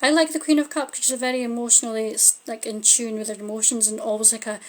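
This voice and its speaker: Woman tarot reader, fairly high voice, casual and musing, filler-heavy. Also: steady tone, quick pace. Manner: chatty, musing aloud, frequent "like" fillers. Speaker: tarot reader and spiritual medium.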